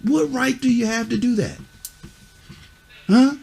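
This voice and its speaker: High-pitched man scolding kids bluntly. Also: measured pace, creaky, a little mellow, breathy edge. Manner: scolding, repeats "huh?" and "you see what I'm saying"; blunt, curses. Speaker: youth mentor. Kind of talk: stern lecture to children.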